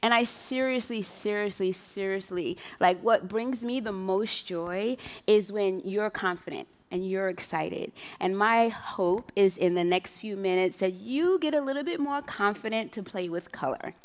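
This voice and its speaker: A woman's voice: mid-range voice, a little slow, few pauses. A woman presenting her beauty brand on stage at a live event, gushing and giggly, talking to the crowd. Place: large event room with live audience.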